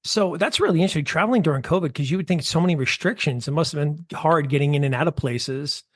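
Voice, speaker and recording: An American man hosting a podcast interview, chatty and quick to laugh, who tends to wander off topic. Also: a little high, no room sound, studio quality. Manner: chatty, laughs easily, digresses. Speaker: podcast host. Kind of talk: casual interview.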